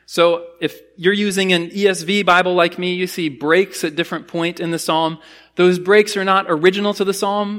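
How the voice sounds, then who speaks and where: Preaching with earnest emphasis, a pastor slows down to stress important phrases and explains biblical words in a teaching manner. His voice sits high with a fairly bright tone.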